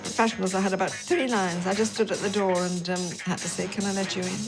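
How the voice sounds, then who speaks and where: An older woman recalls her working life in a relaxed, self-mocking way. Her voice sits at a middle pitch and she laughs readily. Music plays clearly beneath her. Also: fast. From England. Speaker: interviewed actress. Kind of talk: reminiscing interview.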